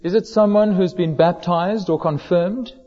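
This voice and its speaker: Preacher in an echoing church. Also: male voice, sits high, mellow. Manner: measured, slows down for emphasis on quoted words. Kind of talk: sermon. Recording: dull lo-fi sound in a hall with long reverb.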